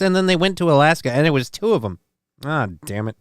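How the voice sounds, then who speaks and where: A man's voice: fairly high pitch, big pitch swings, quick pace, clear, resonant tone, no echo, clean studio sound. A man hosting a casual comedic news stream, rambling and sarcastic and swearing freely. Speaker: host.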